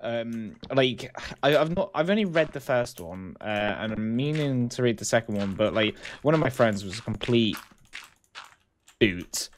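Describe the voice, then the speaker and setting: Lively British man, halting game chat. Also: mid-range voice, slight background noise. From United Kingdom. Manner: halting, filler-heavy, playful. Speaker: let's play co-host. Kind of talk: casual gameplay chat.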